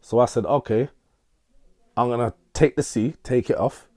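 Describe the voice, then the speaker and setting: A man's voice: medium pitch, moderate pace, a little mellow, no echo, studio quality. Middle-aged man telling a rambling story. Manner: rambling, repeats himself, London street slang. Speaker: interviewee. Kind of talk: casual storytelling.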